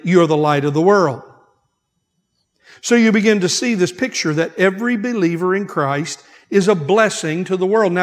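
A man with a fairly high voice preaches an emphatic sermon as pastor. He repeats key phrases and stretches out words to drive them home. His voice rings with the long reverb of a church hall.

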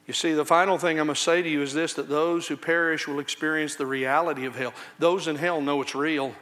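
A man preaching a sermon from a church pulpit, his voice bright and a touch high. He swings between loud, soaring outcries and low, hushed warnings. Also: steady tone, a little fast. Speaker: pastor.

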